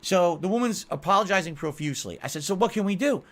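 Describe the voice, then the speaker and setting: A man's voice: high-pitched, animated, quick pace. A man telling a story on a commentary podcast, acting out both sides of his phone calls.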